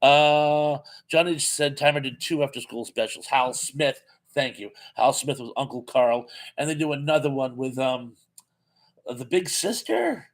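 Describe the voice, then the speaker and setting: A man's voice: medium pitch, measured pace. Chatty man reading viewer comments. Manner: reads viewer comments aloud and responds, chatty with frequent "uh". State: losing his voice. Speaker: live stream host reading chat. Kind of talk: casual live chat.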